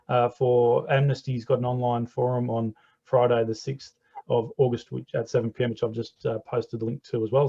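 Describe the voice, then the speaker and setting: Male forum host, hesitant and friendly, mellow voice, muffled call sound. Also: mid-range voice, vocal fry, slightly rough. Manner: hesitant, many fillers, friendly. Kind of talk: hosting an online forum. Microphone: video call. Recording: dull lo-fi video call audio.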